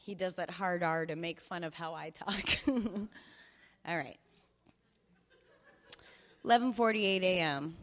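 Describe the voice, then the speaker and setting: A woman's voice: on the low side, takes it slowly, long pauses, fairly bright tone. A woman, a comedian and author, reading live to an audience with wry asides and bursts of laughter.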